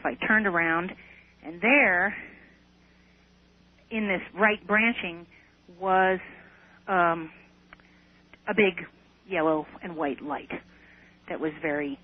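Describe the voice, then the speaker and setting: Woman talking over a tinny phone line. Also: fairly low pitch. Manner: earnest, unhurried, hesitant restarts. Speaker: guest. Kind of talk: recounting a personal experience in an interview.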